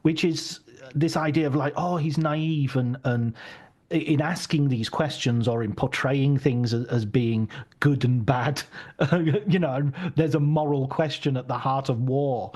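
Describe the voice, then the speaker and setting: A man hosting a casual film talk, animated and laughing, arguing against critics. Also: medium pitch, a little slow. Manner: animated, laughs often, argumentative asides. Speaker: podcast host.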